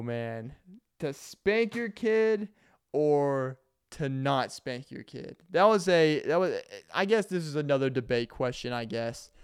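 A man's voice: medium pitch, clean tone, no echo, studio quality. A young man hosting a podcast, telling rambling comic stories in a casual monologue, full of laughs and acted-out quotes. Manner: rambling, animated storytelling with laughs and put-on quotes. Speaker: podcast host.

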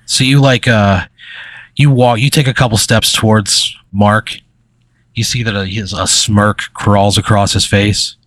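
A man's voice: on the low side, fairly even intonation, measured pace, a bit bright, no echo. A man running an improvised story game as game master, rambling with many fillers and chuckles.

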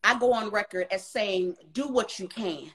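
A woman's voice: mid-range voice, normal speed. A woman, a tutoring center owner speaking as a guest in a live interview, giving emphatic advice straight to parents. She talks in a preachy way, repeats herself and calls her listeners y'all. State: emotional at times.

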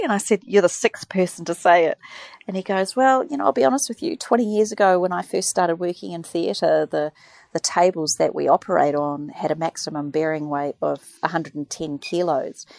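Gravelly woman telling a story. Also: lowish voice, brisk, no room sound. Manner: animated storyteller, quotes others in lively voices. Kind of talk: casual chat.

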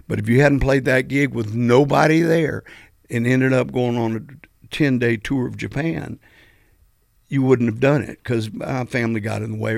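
An older man, his voice gravelly and fried at the edges. He tells road stories with animation and lectures firmly about the music trade. The sound is close and dry. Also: medium pitch, no room sound. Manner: animated storyteller, preachy about the music business. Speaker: guest musician. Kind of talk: storytelling in a podcast interview.

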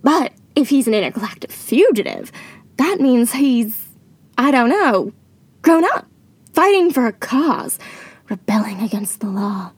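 A woman's voice: a little high, very animated, measured pace, slightly rough, dry recording, exaggerated voice. Ditzy wannabe-starlet sister played by a woman, fake American accent, theatrical comedy audio drama. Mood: flippant. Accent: put-on American. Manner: ditzy, theatrical, self-absorbed.

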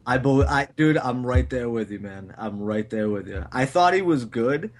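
Male podcast co-host, mid-pitched, relaxed, profane buddy talk. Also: moderate pace. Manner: laid-back, swears, says "dude" a lot. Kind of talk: casual movie review chat.

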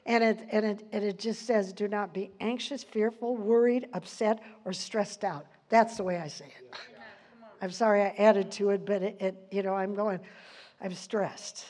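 A woman's voice: mid-range voice, steady tone, normal speed, mellow. An older woman giving an informal Bible teaching, chatty, quoting scripture and laughing often.

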